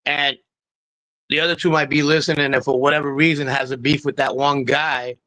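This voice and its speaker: A man's voice: on the high side, flat delivery, a little fast, bright, forceful tone, low-quality recording. A man on a casual podcast, talking in a profane, rambling street style. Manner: profane, rambling street talk with mocking impressions. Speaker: guest.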